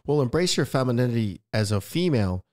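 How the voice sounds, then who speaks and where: A man's voice: medium pitch, big pitch swings, fast, darkish tone. A man hosting a podcast, chatting casually with his guest in an emotional, openly sincere and emphatic way. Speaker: podcast host. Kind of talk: casual interview chat.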